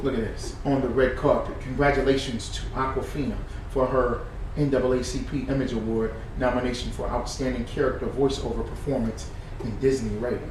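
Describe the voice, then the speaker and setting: A man giving heated reaction commentary, shifting from muttered news reading to loud, profane ranting. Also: medium pitch, steady tone, a little fast. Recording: echoey room, distant mic, faint noise.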